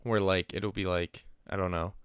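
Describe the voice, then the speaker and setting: Chatty low-voiced young man, crisp. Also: flat delivery, normal speed, no room sound, studio quality. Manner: chatty, quotes people with put-on voices, laughs often. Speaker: podcast host. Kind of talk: casual esports podcast chat. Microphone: call recording with a remote co-host.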